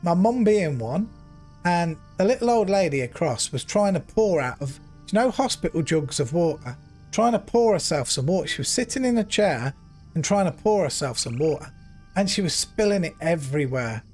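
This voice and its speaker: A middle-aged man streaming a game, telling an emotional story in an earnest, animated way. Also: on the high side, moderate pace, faint music behind. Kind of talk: casual storytelling while gaming.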